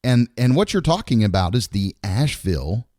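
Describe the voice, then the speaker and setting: A man's voice: medium pitch, big pitch swings, normal speed, a little mellow, no room sound, studio quality. A middle-aged man, co-hosting a podcast in casual chat, rambling and bluntly swearing. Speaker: podcast co-host.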